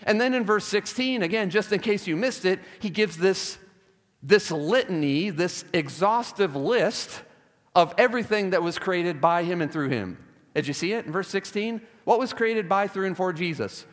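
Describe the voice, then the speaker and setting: A pastor preaches a sermon in a high, expressive voice at normal speed, emphatically repeating key words for stress and adding wry asides. Long hall reverb fills the recording.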